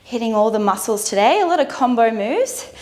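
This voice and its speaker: A woman's voice: a little high, very animated, a little fast, darkish tone. A woman leading a guided dumbbell workout, out of breath as she exercises, cueing moves with upbeat encouragement. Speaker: fitness instructor. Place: indoor workout studio.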